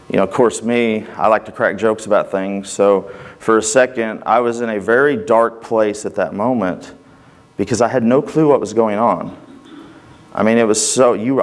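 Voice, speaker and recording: A man giving a personal church testimony in an earnest, conversational way, acting out the dialogue as he tells it. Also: fairly low pitch.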